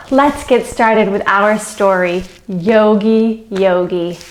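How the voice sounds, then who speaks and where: A woman leading a children's yoga story, giving slow, soothing instructions with playful animal sounds. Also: mid-range voice, slight background noise. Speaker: kids yoga teacher.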